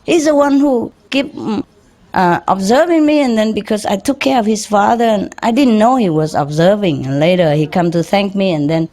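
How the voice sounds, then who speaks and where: A woman, a spiritual teacher telling a personal story to an audience, halting and informal, often laughing softly. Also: medium pitch, lively intonation. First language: Vietnamese.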